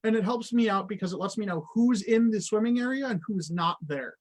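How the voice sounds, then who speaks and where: A man's voice: high voice, fairly quick. A man on a guest spot, explaining water safety to kids in a friendly, plain way.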